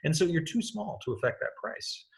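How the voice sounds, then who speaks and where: A man's voice: a little high, big pitch swings, normal speed, creaky. A man giving a recorded economics lecture, explaining step by step and often checking in with the listener. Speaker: economics teacher.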